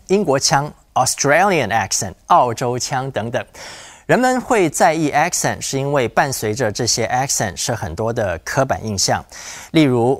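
Taiwan-born man teaching English terms. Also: medium pitch. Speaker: bilingual language teacher. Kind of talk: explaining in Mandarin and English.

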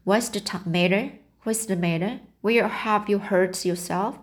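A woman's voice: medium pitch, unhurried, lightly acted. A woman reading an audiobook voices an alarmed middle-aged mother who repeats her demanding questions. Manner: demanding, repetitive.

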